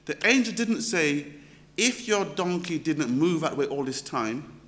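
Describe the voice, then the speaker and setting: A pastor preaches in a high voice that swoops up and down, unhurried and deliberate. He tells the story with humour and animation. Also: expressive, fairly bright tone. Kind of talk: storytelling sermon.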